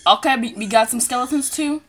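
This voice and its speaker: A young woman casually commenting on a story game as she plays, excitable, laughing and shrieking when panicked. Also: fairly high pitch, brisk. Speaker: gamer playing through a story game.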